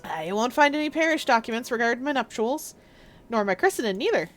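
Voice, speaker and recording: A woman's voice: a little high, expressive, fast, fairly bright tone. A woman voicing a boastful, street-wise rat-catcher shopkeeper in a chatty, cheeky manner as she reads a text game aloud.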